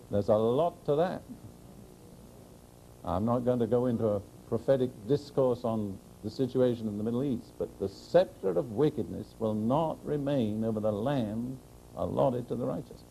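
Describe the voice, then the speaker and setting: Dark-voiced preacher delivering an earnest sermon. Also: male voice, mid-range voice, gravelly, slight background noise, poor audio. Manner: earnest, direct, rhetorical questions to the congregation; slows and rises to proclaim scripture.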